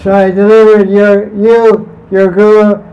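A gracious male deity, kindly and approving, as a man puts him on. He speaks in a high, appreciative voice. The sound is dull and lo-fi. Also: flat delivery, a little slow, smooth. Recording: muffled lo-fi recording.

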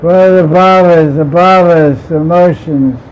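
A man's voice: on the high side, steady tone, measured pace. A man teaching a scripture class in a playful way. He laughs often and puts questions to the class. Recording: dull lo-fi sound with faint vehicle noise.

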